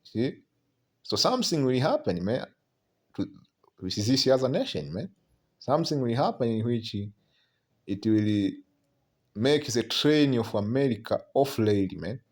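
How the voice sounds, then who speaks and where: Male preacher, mid-pitched, casual and halting, reads scripture between remarks, says "man" constantly. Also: very animated. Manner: keeps tagging lines with "man", halting repeats. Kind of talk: informal prophetic preaching.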